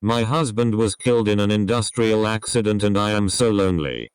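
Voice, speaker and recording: A lonely widow looking for company, voiced by a man who barely changes his own voice. The reading is flat and mock-sultry. The tone is smooth and rather low, recorded dry and close. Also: fairly quick, no echo, lightly acted.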